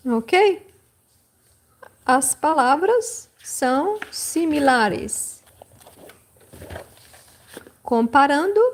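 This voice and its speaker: A woman teacher speaks very slowly, sounding out each word with care and saying it twice. Her voice is high and lively, rising and falling a lot. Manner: slow, careful pronunciation with each word said twice. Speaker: language teacher. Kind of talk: slow repeat-after-me vocabulary lesson.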